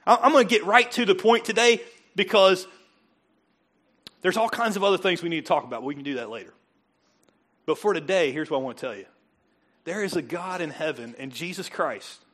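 A man preaching a sermon as pastor, dropping to soft, intimate asides and rising to loud, emphatic peaks, often laughing as he talks. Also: on the high side. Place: church sanctuary.

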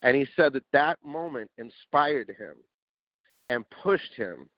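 Casting: male podcast guest, lively storyteller, swears freely, acts out dialogue; muffled, dry recording. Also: medium pitch, slow, no echo. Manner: animated, swears, acts out quotes. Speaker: interview guest, music producer. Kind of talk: casual storytelling. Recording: dull lo-fi dry sound.

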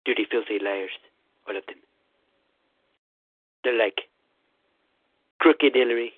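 A comedy caller phones in to do a comic impression of a rambling, boastful male president, his husky voice at a medium pitch and a slow pace. He blusters and brags, repeating "listen" over and over, all through a tinny, dry phone line.

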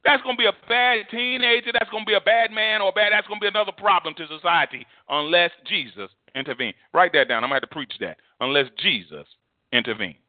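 Casting: male pastor, high voice, lively rhetorical sermon on thin phone-like audio. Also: fast talker, no room sound. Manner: emphatic preaching, repeats words, swings loud and soft.

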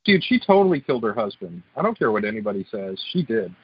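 A man co-hosting a podcast in casual chat, blunt and excitable. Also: fairly low pitch, fast, slight background noise. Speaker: podcast co-host. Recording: dull lo-fi recording.

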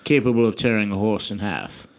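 A man playing a tabletop game who talks in a measured, polite way. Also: lowish voice, fairly even intonation. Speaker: player. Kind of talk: in-character role-play.

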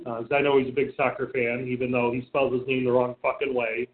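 A man's voice: mid-range voice, little pitch movement, quick pace, few pauses, a little hiss or hum. A man co-hosting a radio show, talking sports in a blunt, profane way with many stammered restarts. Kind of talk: casual sports talk. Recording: phone-like lo-fi sound.

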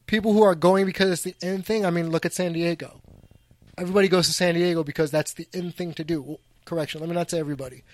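High-voiced joking podcast host, man. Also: dry recording. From New York. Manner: animated, joking, restarts and piggybacks. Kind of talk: casual podcast chat.

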